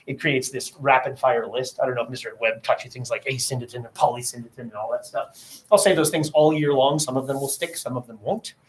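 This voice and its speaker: A man's voice: medium pitch, fairly even intonation, fairly quick, low-quality recording. A male teacher giving a casual classroom lecture on a novel, chatty and acting out back-and-forth exchanges with students.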